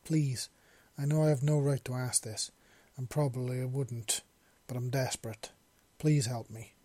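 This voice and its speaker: A man voicing a desperate young runaway in his early twenties, talking fast and urgently. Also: medium pitch, steady tone, dark tone, no room sound, close to an everyday voice. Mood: pleading. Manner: frantic, pleading.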